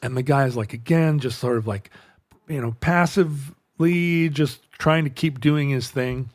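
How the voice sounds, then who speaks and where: A middle-aged man tells a long story in a relaxed, conversational way, with a voice of ordinary pitch. He often stops and restarts his sentences and acts out what people said. The recording is dry and close, with no room sound. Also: unhurried, no echo. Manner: rambling, self-interrupting anecdote with quoted dialogue. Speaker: podcast host. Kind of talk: storytelling in casual chat.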